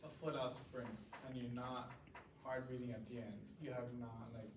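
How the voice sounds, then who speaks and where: A man's voice: mid-range voice, flat delivery, normal speed. A male student asking a hesitant question in class, with many fillers. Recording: distant mic in echoey room, noise.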